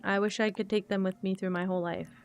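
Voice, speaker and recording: A woman's voice: mid-range voice, level tone, fast, vocal fry, faint music behind. A woman streaming a game, chatting casually and emotionally with viewers while she plays.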